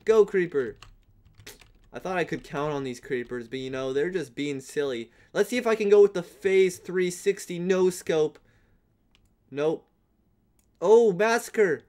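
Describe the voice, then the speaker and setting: A young man commenting on his own Minecraft game, swinging from hushed mutters to loud, excited yelling. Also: high voice, measured pace, pauses often. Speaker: gaming channel host.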